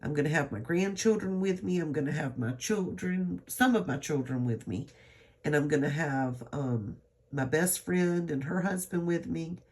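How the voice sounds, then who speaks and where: A woman's voice: low-pitched, normal speed, a little mellow, husky. A woman, chatting to her viewers in a rambling, earnest, encouraging way. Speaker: vlogger. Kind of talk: casual talk to camera.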